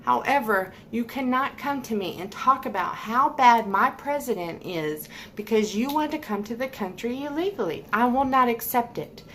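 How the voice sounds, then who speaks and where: A woman's voice: on the high side, animated, moderate pace, few pauses, a bit bright, slight background noise. A woman giving a heated, emphatic opinion rant to camera, repeating points for stress. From United States. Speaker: vlogger.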